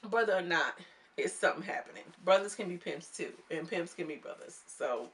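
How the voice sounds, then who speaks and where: A woman's voice: fairly low pitch, expressive, fairly quick, far from the mic, heavy background noise. A woman recapping a reality show episode in a casual, gossipy vlog, chatty and full of slang.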